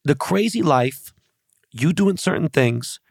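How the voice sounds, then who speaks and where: A man's voice: a little high, animated, slow, gravelly, no room sound, clean studio sound. A man hosting a podcast in casual chat, brash and profane, telling stories with quoted voices. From born and raised locally. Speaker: podcast host.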